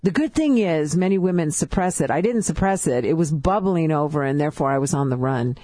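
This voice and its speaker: A woman from California telling her personal testimony as a guest, halting and emotional, with restarts. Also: sits low, lively intonation, dark tone, no echo, clean studio sound.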